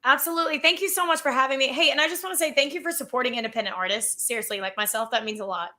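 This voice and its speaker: A woman guest who talks quickly with a bright, forward voice, friendly and grateful as she chats with the hosts. She joins over a video call. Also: high-pitched. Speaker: guest musician. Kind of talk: casual interview chat.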